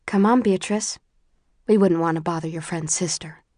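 A gentle, restrained mother in an audiobook story, as a woman narrator reads her. She speaks softly and with measured calm. The voice is low-set and the recording dry. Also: dry recording, close to an everyday voice.

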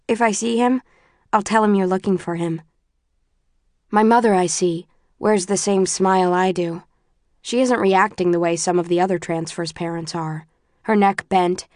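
A woman narrating a novel in the first person, with steady, even storytelling. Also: medium pitch, dry recording, studio quality. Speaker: audiobook narrator.

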